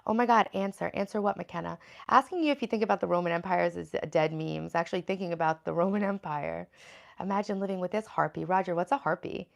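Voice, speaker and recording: A woman's voice: on the low side, fast, gravelly. A woman hosting a casual livestream, chatting loosely with many fillers and reading viewer comments aloud. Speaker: livestream host.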